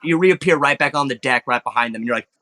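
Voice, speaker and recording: A man narrating as game master, animated, with sound effects and lots of fillers. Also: medium pitch, quick pace.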